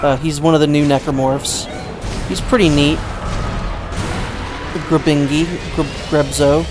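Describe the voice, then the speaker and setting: A man's voice: on the high side, flat delivery, a little slow, music in the background. A man giving rambling, chatty, self-mocking commentary while playing a game. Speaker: gameplay commentator. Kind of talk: casual let's-play commentary.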